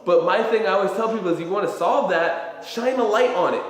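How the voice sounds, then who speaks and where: A man's voice: sits high, a little fast. A man giving a casual livestream pep talk as a motivational vlogger, rambling with lots of fillers and free swearing. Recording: very echoey room with long reverb.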